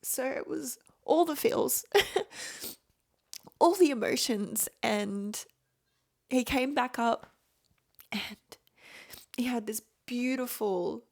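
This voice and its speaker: A woman's voice: fairly high pitch, takes it slowly, vocal fry, long pauses, darkish tone. A woman hosting a podcast, telling a personal story in a gushing, emotional way and laughing often. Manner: gushing, repeats words. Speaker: podcast host.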